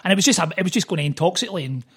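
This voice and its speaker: A man, an author guest on a podcast, telling stories in a fast, animated way. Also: sits high, husky. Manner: fast, animated storytelling with quoted voices. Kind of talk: casual podcast chat.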